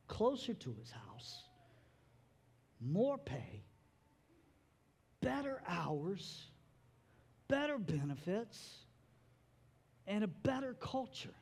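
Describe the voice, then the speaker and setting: A man preaching a sermon as pastor, animated, with playful joking asides. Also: sits high, slightly rough.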